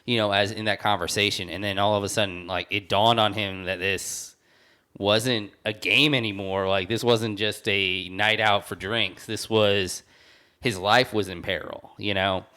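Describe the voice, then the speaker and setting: A man's voice: fairly low pitch, fairly even intonation, unhurried, sharp tone, clear, resonant tone. A man co-hosting a podcast, chatting casually and rambling with many restarts. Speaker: podcast co-host. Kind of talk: casual chat.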